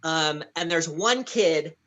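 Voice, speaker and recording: A woman's voice: low-pitched, lively intonation, slow pace, fairly bright tone, dull audio. A woman playing a tabletop game, describing her character casually with hesitant restarts. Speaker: player.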